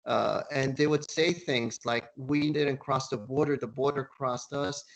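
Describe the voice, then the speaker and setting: A man's voice: a little slow, vocal fry. Man telling a story over a video call. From East Coast of the United States. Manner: animated storyteller, rises in pitch when quoting others. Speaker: panel speaker. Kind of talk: personal storytelling.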